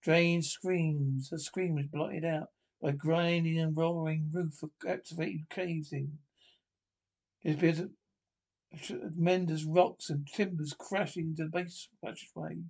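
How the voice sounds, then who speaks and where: Guy reading out a spooky radio script, all the parts, kinda high voice, trips over words a lot. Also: steady tone, vocal fry, darkish tone. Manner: halting read-through with slips and restarts. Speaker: script reader.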